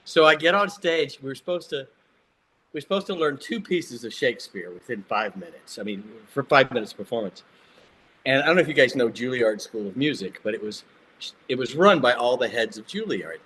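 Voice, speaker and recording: An older man from Mississippi spins funny, self-mocking anecdotes as a podcast guest. His voice sits at an ordinary middle pitch, and his delivery is casual and animated. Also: brisk, slight background noise. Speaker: guest actor. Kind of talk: casual storytelling.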